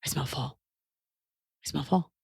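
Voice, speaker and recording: A woman's voice: a little slow, a little mellow, no echo, clean studio sound. A woman hosting a podcast in a casual, playful, jokey chat. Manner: playful, jokey, sing-song bits. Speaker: podcast host.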